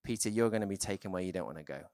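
A male preacher talks through his sermon in a loose, conversational style, leaning on fillers as he pauses. He sounds animated, with a low, somewhat dark tone, and the close recording carries no room sound.

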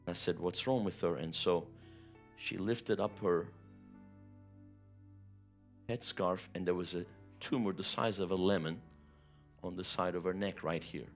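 Man, pastor, low voice, sermon testimony, soft music behind. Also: unhurried, pauses often. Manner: emotional, vivid retelling with rising intensity.

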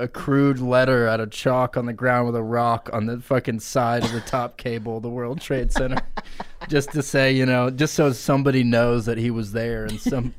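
Man telling a crude comic tale. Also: medium pitch. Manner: crude, laughing, riffing on a tall tale. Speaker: podcast co-host. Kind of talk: improvised comic storytelling.

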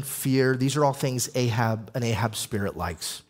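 A young adult man delivers a sermon as a pastor, in a middle-pitched voice. He preaches emphatically, stacking up lists and repeating phrases for weight. His pace pushes ahead and then slows to land a point. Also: darkish tone.

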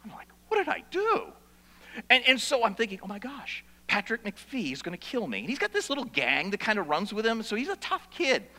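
Guy preaching a sermon, high bright voice, big echoey church hall, goes loud then quiet. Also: sing-song, brisk, few pauses. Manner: storytelling, swings from loud to hushed. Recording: long reverb of a large hall.

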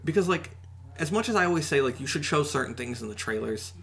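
A man co-hosting a podcast in casual chat, excitable and rambling with lots of fillers. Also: a little high, fast talker, creaky. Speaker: podcast co-host.

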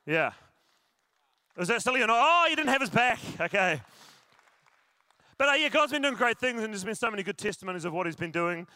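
A pastor, a man preaching to his congregation in a high, bright voice. He is jokey and chatty and keeps talking to the crowd. The sound is close and dry, with no room echo. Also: expressive, fairly quick, long pauses. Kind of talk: sermon. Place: church service with a congregation.

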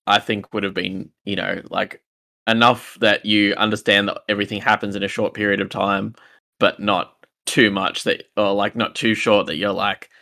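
Bright-voiced man, low pitch. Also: creaky. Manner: relaxed, hedging with fillers. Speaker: podcast co-host. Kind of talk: casual film review chat.

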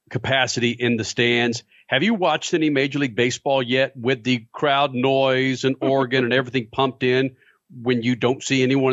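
A man's voice: medium pitch, a bit bright, no room sound, dull audio. A man hosting a sports talk radio show, chatting casually and rambling with restarts.

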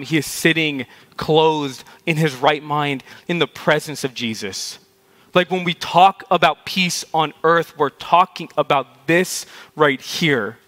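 Man, sermon, casual storytelling, slightly high voice, bright and forceful tone. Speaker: preacher.

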